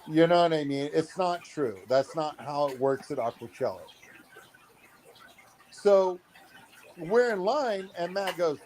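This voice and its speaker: Slightly high-voiced and unhurried, the thirtysomething aquarium vlogger pauses often as he tells a story, acting out its characters with plenty of fillers. A little hiss or hum can be heard.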